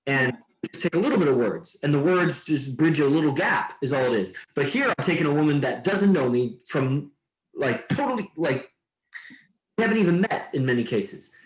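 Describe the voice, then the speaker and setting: A man's voice: on the high side, expressive, moderate pace. Rambling man in a roomy room. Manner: loose, meandering, swears freely. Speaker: podcast host. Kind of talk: casual rambling chat. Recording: roomy echo.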